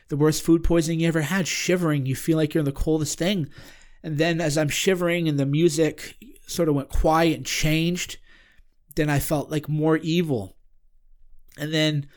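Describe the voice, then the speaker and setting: A man with a somewhat higher voice tells a personal story in casual podcast conversation. He sounds earnest and searching, often halting and restarting mid-sentence as he looks for the right words.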